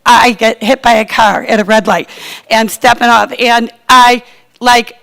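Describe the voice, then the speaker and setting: A woman's voice: a little high, steady tone, a little slow, gravelly, fairly bright tone, rough recording. A middle-aged woman telling a funny, self-deprecating personal story in a chatty way. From Chicago, USA.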